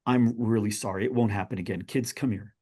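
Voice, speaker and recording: A man quoting a grieving young mother in a story, speaking softly and apologetically. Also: lowish voice, fairly even intonation, brisk, slightly rough. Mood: apologetic. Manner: soft, apologetic, quietly overwhelmed. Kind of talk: acted quote in a spoken story.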